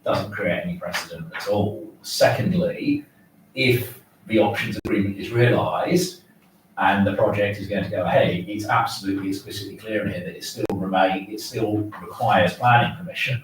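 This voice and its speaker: Male councillor, deep and measured; distant mic in a reverberant chamber. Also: a little hiss or hum. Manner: measured, hesitant restarts. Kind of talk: council meeting debate. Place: council meeting room.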